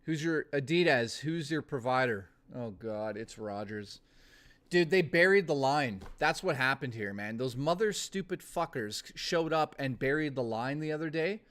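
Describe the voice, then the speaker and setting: A young adult man chatting casually on a live stream, ranting with lots of swearing and quick laughs. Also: medium pitch, expressive, fairly bright tone. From Canada.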